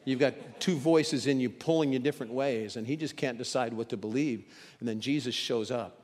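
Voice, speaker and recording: A man preaching a sermon, moving between loud emphasis and hushed, dramatic quotes. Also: medium pitch, moderate pace, big-room sound.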